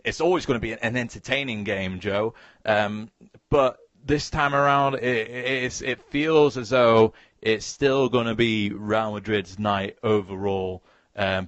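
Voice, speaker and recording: A man's voice: lowish voice, fairly even intonation, dry recording, lo-fi sound. A man hosting a casual football chat, stumbling over words and putting questions to his co-host. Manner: halting, restarts words, asks questions. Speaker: podcast host.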